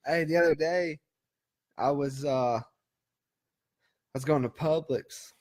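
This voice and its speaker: A man co-hosting a casual comedy podcast, telling stories and firing off quick one-liners. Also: on the high side. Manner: deadpan joke-teller, rapid one-liners. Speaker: podcast co-host.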